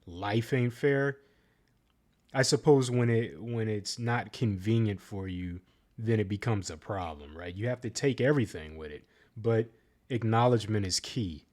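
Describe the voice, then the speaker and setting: A man's voice: lowish voice, darkish tone. A man hosting a reaction video, commenting casually with frequent ums and uhs and restarts. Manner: halting, many ums and uhs. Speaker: reaction channel host.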